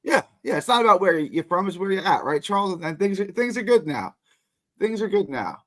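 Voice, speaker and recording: A man's voice: sits high, very animated, a little fast, a bit bright. A man calling in to a live show, apologetic and rambling in a casual chat. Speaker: caller. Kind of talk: call-in chat.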